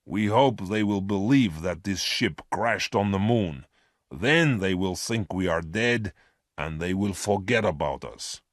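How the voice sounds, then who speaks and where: A ruthless space criminal boss, hard and scheming, as a man reads him in a storybook. Low-set and slow, with the pitch rising and falling widely. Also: expressive, no room sound, clean studio sound. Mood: explaining. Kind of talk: storybook reading.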